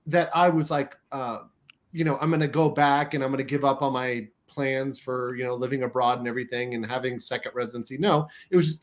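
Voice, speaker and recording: A man's voice: medium pitch, steady tone, brisk. A man from the United States in a casual chat, rambling with many fillers, swearing often and keeps checking in with "right?". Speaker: co-host.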